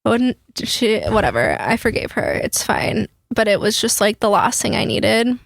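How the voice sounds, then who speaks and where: A young woman telling a travel story in an animated, swearing, quick way as a podcast host. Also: medium pitch, gravelly, dry recording, studio quality. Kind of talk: casual storytelling chat.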